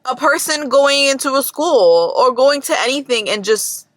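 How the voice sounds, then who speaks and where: A woman's voice: high voice, lively intonation, normal speed, no echo. A young woman ranting bluntly and profanely in a casual monologue, talking from her parked car. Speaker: vlogger.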